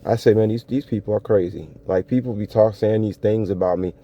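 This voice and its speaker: A man's voice: on the low side, fairly even intonation, a little fast, warm tone. A man talking casually to his viewers in a solo monologue, laid-back and slangy, often breaking into laughter. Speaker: vlogger. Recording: dull lo-fi audio.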